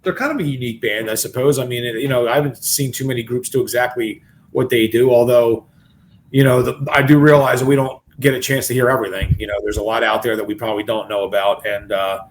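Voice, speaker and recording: A man's voice: mid-range voice, fast, a little hiss or hum. A man co-hosting a music reaction video, chatting casually and thinking aloud with many restarts. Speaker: reaction channel co-host. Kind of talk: casual chat reacting to a song.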